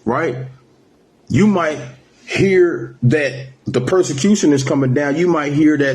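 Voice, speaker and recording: A man preaching a sermon, reading scripture slowly and then driving points home with repeated "man" and "right?". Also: on the high side, darkish tone. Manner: emphatic, ends phrases with "man" and "right?"; slows to a drawl when reading scripture. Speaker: street preacher.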